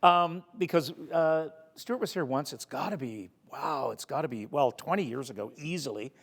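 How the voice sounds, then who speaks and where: A man's voice: a little high, moderate pace, vocal fry, fairly bright tone, in a large hall. A man hosting a casual theatre interview, teasing his guest and laughing often. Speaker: host.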